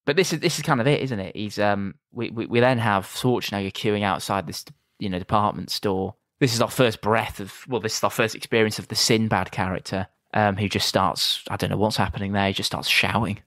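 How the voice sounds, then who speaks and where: A man's voice: fairly low pitch, a little fast, few pauses, a bit bright, no echo. A man co-hosting a casual film review podcast, rambling in a dry, mocking way. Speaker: podcast co-host.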